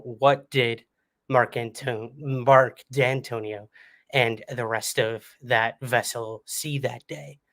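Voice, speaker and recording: A man hosting a livestream, talking casually to his viewers and the chat. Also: mid-range voice. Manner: chatty, talks to the chat, trails off quietly. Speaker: livestream host.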